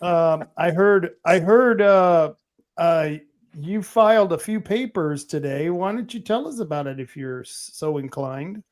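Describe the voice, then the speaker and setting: A man with a noticeably high voice hosts a live online talk show. He chats in a loose, easygoing way and drops the odd casual swear word. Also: unhurried. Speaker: host. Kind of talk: casual live-stream chat.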